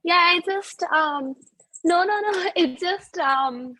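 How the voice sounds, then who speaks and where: A woman's voice: extremely high pitch, animated, takes it slowly, bright, forceful tone. A woman with a mixed Indian and Australian accent, chatting on a phone call, giggly and full of ums. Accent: Australian and Indian mix. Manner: giggly, hesitant, many ums. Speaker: class participant. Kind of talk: casual chat. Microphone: phone on a video call.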